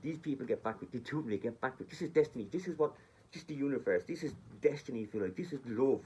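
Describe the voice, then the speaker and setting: A man's voice: medium pitch, expressive, fast talker, a little mellow, a little hiss or hum. A man telling a story in a chatty, rambling way, speaking directly to his listeners on a phone recording. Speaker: vlogger. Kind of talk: casual storytelling.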